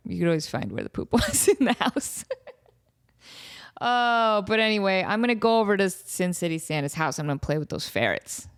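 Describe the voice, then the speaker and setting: On her own solo podcast, a woman chats casually, telling jokey stories and doing playful impressions. Her medium-pitched voice comes through dry and clean, with studio quality.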